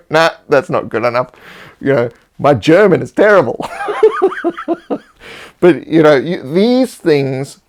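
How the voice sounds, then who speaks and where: Guy chatting about running games, easygoing, rambles and restarts a lot. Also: medium pitch. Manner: relaxed, rambling, frequent restarts. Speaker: co-host giving game master tips. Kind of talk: casual advice chat.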